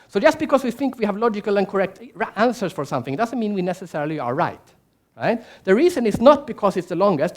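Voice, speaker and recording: A man giving a keynote speech at a conference, telling stories, putting questions to the audience and acting out the quotes. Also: sits high. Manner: animated storyteller, asks the audience questions, acts out quotes. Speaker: keynote speaker. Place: large conference hall.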